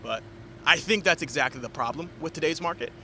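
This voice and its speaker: A man's voice: fairly high pitch, a little fast, sharp tone, slight background noise. A man giving a casual, rambling car review vlog from inside a car, with lots of fillers and restarts. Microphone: camera mounted in the car.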